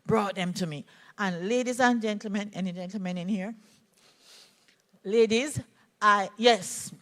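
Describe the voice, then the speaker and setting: An older Jamaican woman, a play therapist, telling a personal story in an animated way at a conference talk. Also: medium pitch, a little slow. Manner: animated storytelling, voices quoted speakers. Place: conference hall.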